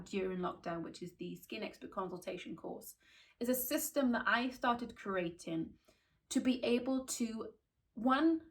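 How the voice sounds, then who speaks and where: Gravelly-voiced woman telling stories. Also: mid-range voice. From Wales. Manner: candid, animated, with frequent restarts. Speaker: skin therapist and trainer. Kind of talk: casual storytelling in a podcast chat.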